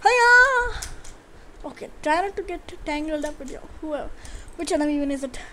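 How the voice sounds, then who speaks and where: A woman giving live gameplay commentary, excitable and trash-talking, yelling at opponents and teammates between quieter muttering. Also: high-pitched, fast talker, a little hiss or hum. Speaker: gamer commentator.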